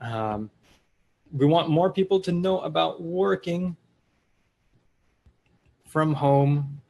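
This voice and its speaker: A man's voice: a little high, takes it slowly, vocal fry, dark tone. A man with a Filipino accent hosting a casual live-stream Q&A, reading viewer comments aloud in a loose, chatty way with fillers and restarts. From Philippines. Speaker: host of a live online Q&A.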